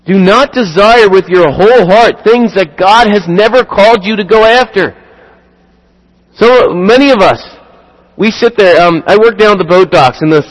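Male preacher, animated sermon delivery, slightly raised pitch, long hall reverb. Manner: animated, acts out dialogue in sudden louder bursts.

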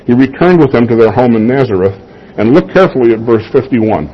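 A medium-pitched pastor with a breathy edge preaches at a quick pace, expressive and conversational, firing rhetorical questions at the congregation. The lo-fi recording is slightly dull.

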